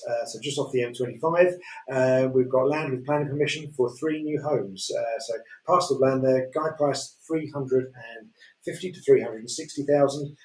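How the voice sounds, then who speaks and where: A man's voice: mid-range voice, darkish tone. A man presenting property lots on a live auction show, chatty and hesitant with lots of fillers. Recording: roomy echo.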